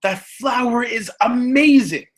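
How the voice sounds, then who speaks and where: A man voicing a small curious child full of wonder, asking excited wide-eyed questions. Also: very high voice, unhurried, pitched above the performer's own voice. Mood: amazed.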